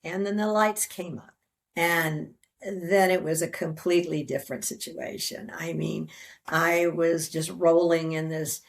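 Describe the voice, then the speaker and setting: A middle-aged woman, a guest on an interview show, telling a personal story in an animated way and laughing often. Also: low-pitched, gravelly.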